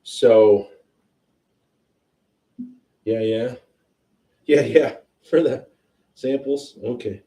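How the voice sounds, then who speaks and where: A man hosting a whiskey tasting livestream, chatting casually and excitedly as he tastes. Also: mid-range voice, very slow, long pauses, distant mic, highs cut off. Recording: roomy sound, a bit off-mic.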